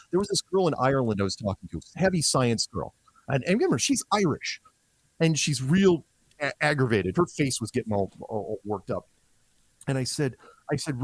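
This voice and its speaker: A man talking as a podcast guest in a relaxed conversational way, often acting out quoted voices as he tells his stories. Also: mid-range voice, brisk, husky, no room sound, rough recording. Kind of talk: conversational explanation.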